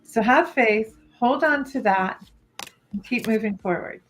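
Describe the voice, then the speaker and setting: A woman's voice: on the high side, unhurried, soft background music, low-quality recording. A woman co-hosting a live psychic stream, giving encouraging tarot readings and calling listeners "honey" and "darling". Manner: warm endearments, giggly, encouraging. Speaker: co-host psychic reader.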